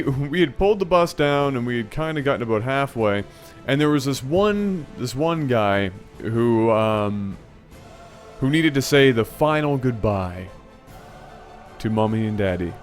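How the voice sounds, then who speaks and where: A man hosting his channel, telling a funny personal story in an animated, playful way, often correcting himself mid-sentence. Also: mid-range voice, unhurried, soft background music. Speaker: channel host. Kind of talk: storytelling vlog.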